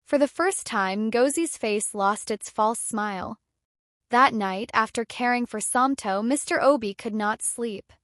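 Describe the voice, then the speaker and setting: A woman telling a folktale as scripted story narration, steady and dramatic. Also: fairly high pitch, a little slow, dry recording, clean studio sound.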